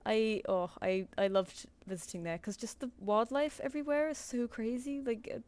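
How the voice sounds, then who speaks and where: A woman's voice: a little high, steady tone, moderate pace, darkish tone. Chatty woman streaming, laughing often. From United Kingdom. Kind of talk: casual chat while drawing on stream.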